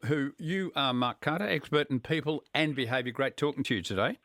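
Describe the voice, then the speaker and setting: Middle-aged Australian man, talkback host, stammering and opinionated, average pitch, dry close studio mic. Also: a little fast, no echo. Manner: stammering restarts, animated and opinionated. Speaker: radio host. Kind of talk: talkback radio chat. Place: radio studio. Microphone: studio microphone.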